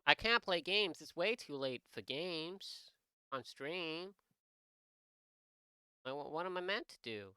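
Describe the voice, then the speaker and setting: Young guy streamer, bright sharp voice, rambly and sweary, dry close mic. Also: a little high, animated, slow, pauses often, clear, resonant tone, dry recording. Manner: rambling, profane, joking, many restarts. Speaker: art streamer. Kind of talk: casual live-stream chat.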